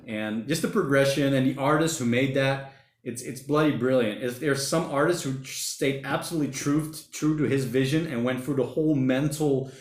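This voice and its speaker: Livestream host, male, mid-pitched, rambling and slangy, reading chat aloud in a roomy, echoey space. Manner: rambling, chatty, uses slang like mate and bloody. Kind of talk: casual livestream chat reading viewer comments. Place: home during lockdown.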